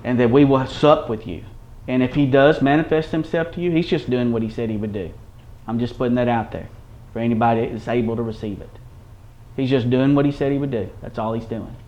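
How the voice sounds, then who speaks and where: A man's voice: medium pitch, fairly even intonation, a little fast. An earnest male preacher works through a Bible lesson, restating his points and checking that his listeners follow. His voice sits in a middling register. The recording sounds dull and lo-fi. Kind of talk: Bible-teaching sermon.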